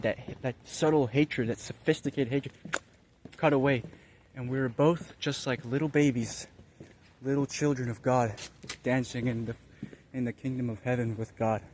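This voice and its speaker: A young man casually telling a spiritual experience, rambling and excitable, full of fillers and slang. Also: mid-range voice, a little hiss or hum. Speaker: vlogger.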